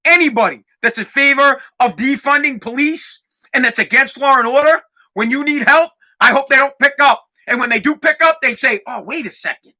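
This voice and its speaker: A man hosting a podcast, delivering a heated, profane rant that sometimes rises to shouting. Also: extremely high pitch, normal speed. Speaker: podcast host. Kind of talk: ranting podcast monologue.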